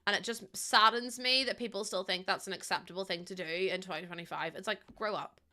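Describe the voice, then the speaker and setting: A woman's voice: mid-range voice, fairly even intonation, fast talker, bright, forceful tone. A young adult woman, chatting heatedly to her live chat while she builds in a game. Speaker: live streamer.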